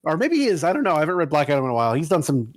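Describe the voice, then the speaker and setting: A man co-hosts a gaming podcast and rants with plenty of swearing and quick asides. His voice sits a bit high. The close mic sounds dry. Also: wildly swooping pitch, no echo. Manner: ranting, profane, quick asides. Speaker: podcast co-host. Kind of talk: casual podcast chat.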